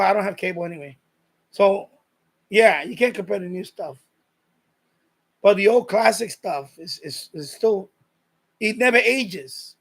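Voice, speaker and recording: Stream host, male, high-pitched voice, loose rambling chat that doubles back on itself and reads out viewer comments. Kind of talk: casual chat with live viewers.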